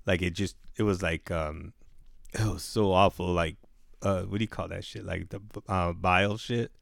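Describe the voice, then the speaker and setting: A man's voice: low voice, fairly even intonation, moderate pace, vocal fry, no room sound, studio quality. A man casually telling a long story to a friend, rambling and swearing, full of "like" and "dude". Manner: profane, rambling, heavy with "like" and "dude".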